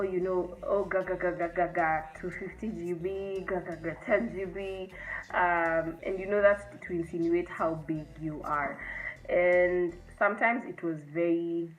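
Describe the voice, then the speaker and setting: A young woman with a Kenyan accent, telling a personal story in a candid, reflective way with halting restarts, growing emotional at times. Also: lowish voice, fairly bright tone, rough recording. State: emotional, near tears at times. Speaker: vlogger.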